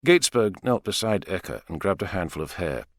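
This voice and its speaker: A man narrating an audiobook in an expressive, dramatic style. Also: sits low, fairly quick, no echo, studio quality. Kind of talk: scripted narration.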